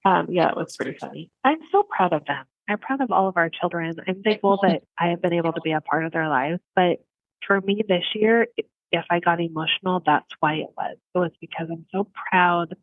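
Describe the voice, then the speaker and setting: A middle-aged woman co-hosting a casual podcast chat, telling lively stories and laughing often. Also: on the low side, a little fast, no room sound, narrow, tinny audio. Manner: animated storyteller, laughs often. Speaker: podcast co-host.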